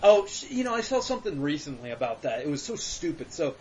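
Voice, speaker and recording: Animated high-voiced joking man. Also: fast, crowd noise, low-quality recording. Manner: joking, swearing, mock voices. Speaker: podcast host. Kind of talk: casual chat.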